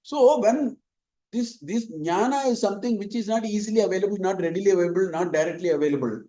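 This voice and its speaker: A man's voice: high voice, quick pace, dark tone. Man, Vedanta teacher, chatty storytelling lesson, echoey room. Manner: conversational, digressive, tells stories, quotes Sanskrit verses. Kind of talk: spoken scripture lesson.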